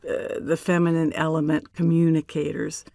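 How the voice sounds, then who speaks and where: An older woman, a voice actor, telling stories in an interview in a measured, deliberate way with emphatic pauses. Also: low-pitched, flat delivery, vocal fry, dark tone, no room sound, clean studio sound. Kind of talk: relaxed interview storytelling.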